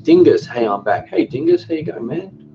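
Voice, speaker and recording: An Australian man in his forties hosts a cooking channel, chatting casually on a live stream, reading viewer comments aloud and often restarting his sentences. His slightly high voice is gravelly and mellow with a sing-song lilt at normal speed. The lo-fi stream audio sounds dull, with music playing and slight background noise.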